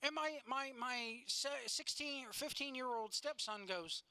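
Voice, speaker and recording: A woman's voice: fairly high pitch, expressive, a little fast, few pauses, pushed and bright, no room sound. A woman co-hosting a casual chat show, telling stories animatedly and swearing freely. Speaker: podcast co-host.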